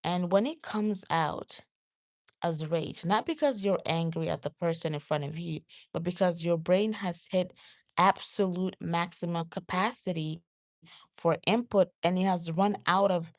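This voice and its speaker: A woman vlogger talking casually to her viewers, getting animated and jumping high when she acts out her own outbursts. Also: unhurried. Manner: says "y'all" and "you guys". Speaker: vlogger host. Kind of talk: casual talk to camera.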